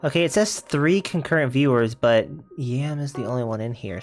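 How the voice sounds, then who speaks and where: A man's voice: medium pitch, animated, moderate pace, hardly any pauses, faint music behind. A young man streaming a video game, chatting in a laid-back, rambling way and laughing often. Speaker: gaming streamer. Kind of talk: casual chat while playing.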